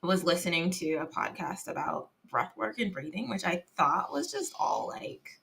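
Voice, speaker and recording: A woman's voice: fairly low pitch, very animated, normal speed, creaky, fairly bright tone. A woman chatting as a guest on a casual livestream, upbeat and chatty, laughing often. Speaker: guest, host's partner.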